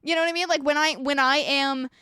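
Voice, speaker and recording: Young woman streamer, high and dry-sounding, foul-mouthed and animated, reads her chat. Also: fast, dry recording. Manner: animated, swearing, ranting storyteller; reads and answers chat messages. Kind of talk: casual live-stream chat.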